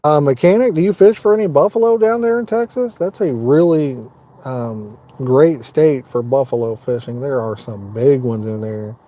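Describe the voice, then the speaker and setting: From his parked truck at night, an Indiana man hosts a fishing stream and greets viewers by name in a relaxed, folksy style. His voice is warm and mid-range, moving at normal speed.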